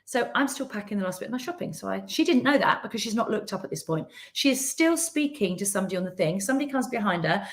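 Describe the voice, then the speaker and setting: A woman's voice: medium pitch, fast talker, gravelly. A middle-aged woman, telling a story in a live business talk and acting out the people in it. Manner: animated storytelling with quoted voices. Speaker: business coach.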